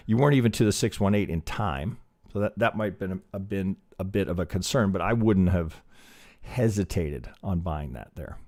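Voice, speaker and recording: A man's voice: on the low side, darkish tone, no room sound, clean studio sound. Rambling, profane man teaching chart trading. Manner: rambling, profane, thinking aloud with many restarts. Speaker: trading educator. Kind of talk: live chart analysis lesson.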